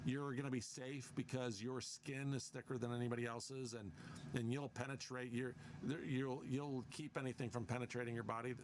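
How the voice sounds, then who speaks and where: A man's voice: medium pitch, background noise. A man hosting a podcast, delivering a casual, sarcastic, exasperated rant. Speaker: podcast host. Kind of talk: casual ranting monologue.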